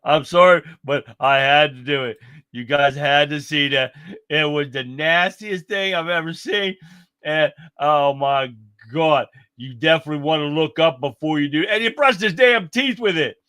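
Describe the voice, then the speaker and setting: A man's voice: fairly high pitch, steady tone, moderate pace, pushed and bright, clean tone, no echo. A man hosting a livestream, chatting in a folksy, exclaiming way as he reacts to clips and talks to viewers. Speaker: livestream host. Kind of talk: casual livestream commentary on clips.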